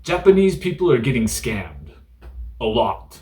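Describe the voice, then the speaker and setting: A man's voice: mid-range voice, big pitch swings, unhurried, mellow. A man hosting a casual Japanese vocabulary lesson, talking in a laid-back, joking way with many fillers. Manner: joking, irreverent. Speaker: host teaching Japanese through news.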